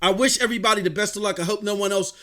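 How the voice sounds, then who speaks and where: Excitable dude streaming, high bright voice, keeps shouting. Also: male voice, very fast. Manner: excitable, shouting bursts, mocking impressions. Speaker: livestream host. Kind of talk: animated live-stream gaming talk.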